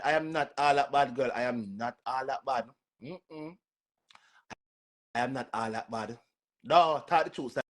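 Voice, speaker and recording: Sassy Jamaican man live streaming. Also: mid-range voice. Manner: sassy and repetitive, talking straight back to commenters. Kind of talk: casual live-stream chat answering viewer comments.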